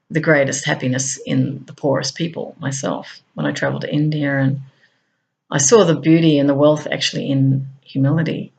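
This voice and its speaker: A middle-aged Australian woman with an Australian accent, speaking earnestly in an unhurried, reflective personal monologue. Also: low voice, creaky, husky. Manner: earnest, unhurried, with frequent laughs. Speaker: speaker on a talk show.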